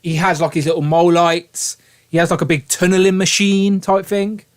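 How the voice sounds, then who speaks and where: A man's voice: high voice, little pitch movement, normal speed. A man hosting a toy review livestream in casual, jokey chat, laughing often.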